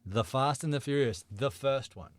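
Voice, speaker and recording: A man running a movie quiz on a chatty podcast, reading clues with a playful lilt. His voice sits at an ordinary middle pitch. The sound is dry and close, with no room echo. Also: normal speed. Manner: playful, reads clues and synopses aloud. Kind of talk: casual banter podcast.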